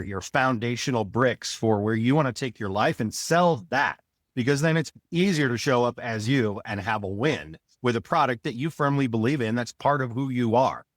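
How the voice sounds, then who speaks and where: A man's voice: medium pitch, no echo, clean studio sound. A man in his forties, a sales veteran speaking as a podcast guest, giving blunt and emphatic advice in a casual interview.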